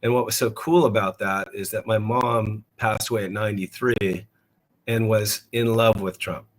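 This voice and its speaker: Male guest, low voice, casual podcast chat, stop-start delivery with repeated words. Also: steady tone, poor audio. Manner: halting, repeats words while thinking. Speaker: guest musician.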